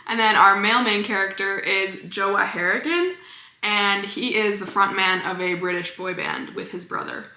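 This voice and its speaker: A woman chatting casually as a book vlogger, gushing about her favorite reads with quick, enthusiastic asides. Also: mid-range voice, sharp tone, reverberant. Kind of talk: casual book review chat.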